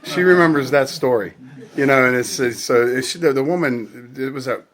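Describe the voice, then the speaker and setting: A man casually telling family stories at a funeral luncheon, relaxed and acting out the lines he quotes. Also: mid-range voice, normal speed. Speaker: family member sharing memories.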